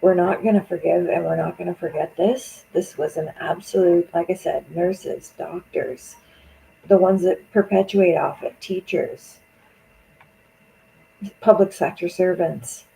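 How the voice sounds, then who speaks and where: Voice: mid-range voice, fairly even intonation, measured pace, vocal fry, mellow, slight background noise, poor audio. A speaker, angrily venting in a profane political monologue on a stream. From Canada.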